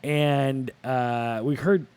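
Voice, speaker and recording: A man's voice: medium pitch, steady tone, extremely slow, a little mellow, smooth. A man co-hosting a casual podcast, rambling and crude, joking and restarting his sentences. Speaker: podcast co-host.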